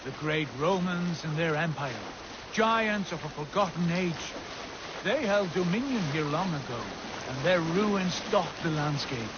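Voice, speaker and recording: A stately Viking jarl. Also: male voice, fairly high pitch, animated, unhurried, noisy background. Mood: solemn. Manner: grand, declamatory. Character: proud Viking jarl, adult man, stately and resolute. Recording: muffled game audio with loud boat and water sounds.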